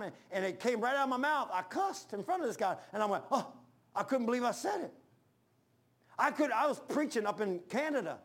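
A man preaching a sermon, folksy and storytelling, swinging between loud high bursts and low murmurs. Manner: folksy, says "man" often.

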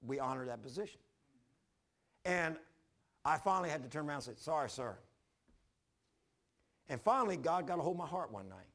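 An older man preaching a sermon, telling his own story in a folksy, repetitive way with sudden loud bursts. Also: on the high side, lively intonation, fast talker, long pauses. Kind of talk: sermon with personal testimony.

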